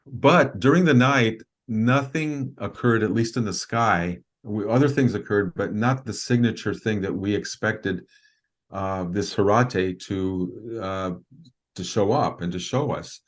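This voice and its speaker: Low-voiced man telling a long story. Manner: earnest, halting with fillers and restarts. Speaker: guest. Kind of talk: storytelling in a video interview.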